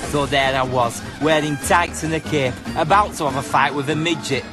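A man's voice: fairly high pitch, moderate pace, close to an everyday voice. An actor voicing a cocky lad who narrates his own antics in slangy comic voice-over. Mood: boastful. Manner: boastful, slangy. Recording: loud music behind the voice-over.

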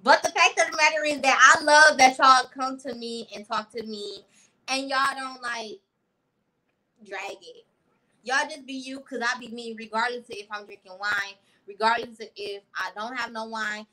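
A woman hosts a casual livestream, pitched a little high with a bright, forceful tone. She gushes over her viewers and answers their comments one by one. Her talk is loose, slangy and animated. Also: moderate pace, rough recording. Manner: chatty and effusive, reads out and answers comments. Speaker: livestream host. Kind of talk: casual live-stream chat with viewers.

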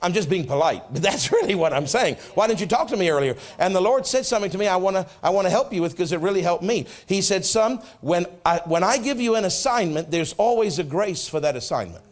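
Middle-aged guy preaching a sermon, high voice, swings all over the place, acts out the conversations. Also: brisk, few pauses. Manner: animated storytelling, acts out prayers and dialogue, drops soft for quotes. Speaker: pastor. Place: church sanctuary.

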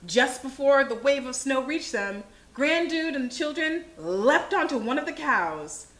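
A woman hosting a children's livestream, reading a picture book aloud with animated expression. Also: high-pitched, unhurried. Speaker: children's show host. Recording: echoey room.

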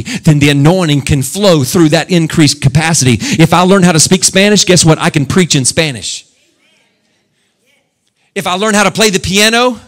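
A pastor preaching a sermon who swings between loud, high shouted lines and hushed, quiet ones, at times mock-praying in a put-on preacher's voice. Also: male voice.

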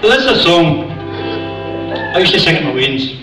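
A man's voice: fairly high pitch, very animated, fairly quick, over loud music, a loud crowd. An older Scottish man doing stand-up comedy, a chatty, self-mocking storyteller on a theatre stage. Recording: echoey theatre from far off.

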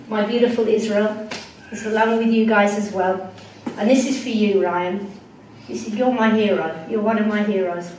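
A woman speaking to a gathering indoors, telling a personal story in an animated, emotional way and breaking into laughter between lines. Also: medium pitch. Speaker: guest speaker. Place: indoor room with a group of people. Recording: echoey room, far from mic, faint noise.

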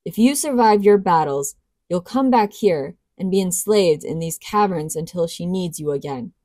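A woman voicing a timid, gentle young princess who speaks earnestly. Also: lowish voice, expressive, moderate pace, no echo. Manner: earnest, pleading.

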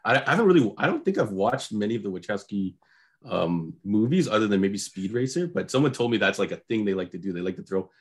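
A man's voice: on the low side, very animated, quick pace. A man co-hosting a podcast, chatting casually in a rambling, hesitant way. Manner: rambling, hesitant, lots of restarts. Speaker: podcast co-host. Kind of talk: casual chat.

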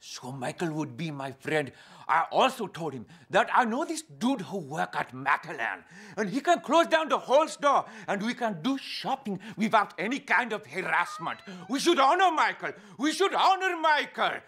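An actor playing an eccentric male psychic in a comedy sketch, talking in broken English with excitable, crude patter. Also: high-pitched, normal speed, husky, heavily acted. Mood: manic. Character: eccentric male spoon-bending psychic impression.

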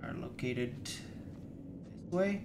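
This is a streamer playing a horror game live. The talk is casual and half-muttered while they play, with sudden curses at the scares. The voice sits in a middle pitch. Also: lively intonation, extremely slow, gravelly, noisy background. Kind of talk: live gameplay chat.

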